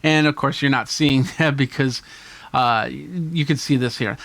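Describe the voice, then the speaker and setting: A man's voice: medium pitch, fairly quick, fairly bright tone, no room sound. A man hosting a tech video, casually and enthusiastically demonstrating camera gear hands-on. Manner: casual, enthusiastic show-and-tell.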